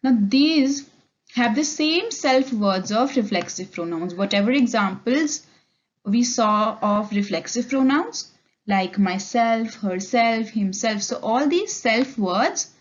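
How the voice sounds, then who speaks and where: Higher-pitched Indian woman teaching English grammar. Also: expressive, slow pace, muffled recording. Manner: explanatory, switches between Hindi and English mid-sentence. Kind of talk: bilingual classroom lecture.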